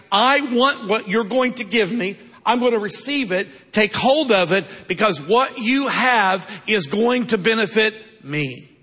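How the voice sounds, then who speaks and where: An older male pastor preaches with a high, bright and forceful voice, firing rhetorical questions at the congregation. His tone carries a husky edge, and his words ring out with the long reverb of a large church hall. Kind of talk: sermon. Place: church sanctuary.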